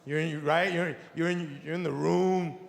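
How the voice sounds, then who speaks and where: On a comedy stage in front of a live crowd, a middle-aged man delivers his set at normal speed in a high-leaning voice with vocal fry. Profane and animated, he mimics his family's voices. Slight background noise sits in an echoey hall along with the audience.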